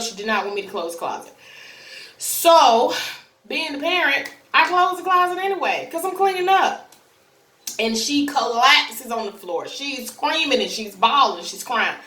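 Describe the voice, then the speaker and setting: A woman's voice: medium pitch, sharp tone. A woman tells a personal story in a loose, chatty way, often stopping and starting again. She sits some distance from the mic, and her voice rings in a roomy space. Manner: chatty, rambling, with many fillers and restarts. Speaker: mother telling a personal story. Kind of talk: casual storytelling to camera.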